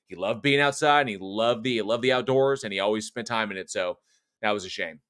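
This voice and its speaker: Chatty, bright-voiced male podcast host. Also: fairly low pitch, brisk, clean tone, dry recording, clean studio sound. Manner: rambling, chatty, many restarts and chuckles. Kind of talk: casual live-stream chat, reading viewer comments.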